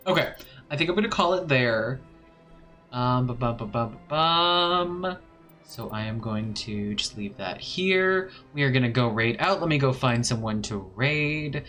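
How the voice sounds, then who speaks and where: A man's voice: medium pitch, expressive, normal speed, a bit bright. A man streaming a video game live, chatting casually and playfully, humming little filler sounds while he decides what to do. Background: faint background music.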